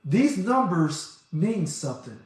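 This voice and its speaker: A man delivers a passionate monologue, his fairly high voice rising fast and loud as he gets worked up. The sound bounces around a very echoey room. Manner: passionate, talks fast and loud when excited. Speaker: organization president. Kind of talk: impassioned monologue.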